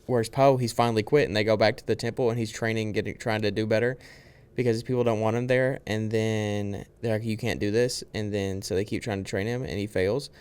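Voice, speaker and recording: A young man co-hosting a casual movie podcast, rambling through a film's plot with fillers and quick quoted lines. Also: lowish voice, fairly even intonation, a little mellow, clean tone. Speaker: podcast co-host.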